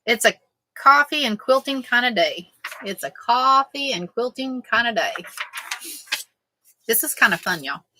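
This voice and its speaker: A woman's voice: fairly high pitch, expressive, measured pace, long pauses, sharp tone, a little hiss or hum, poor audio. A woman chatting casually as a quilting vlogger, joking and answering viewers. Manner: chatty, jokey, reads out sayings and answers viewers. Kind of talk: casual live chat.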